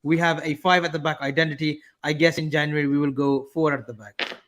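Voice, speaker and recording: A man's voice: on the high side, steady tone, fast talker, fairly bright tone. A man co-hosting a football stream, chatty and teasing, reading out viewer messages. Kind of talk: casual football chat, reading super chats.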